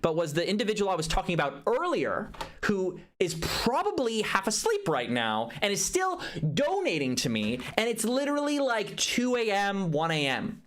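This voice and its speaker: A man chatting casually on a live gaming stream, animated, rambling and self-deprecating. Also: high voice, moderate pace, a little hiss or hum.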